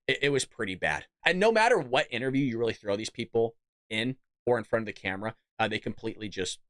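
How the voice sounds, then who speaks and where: A man's voice: lowish voice, fairly bright tone, dry recording. A man hosting a political commentary podcast, talking in a sarcastic, mocking, chatty way. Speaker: podcast host.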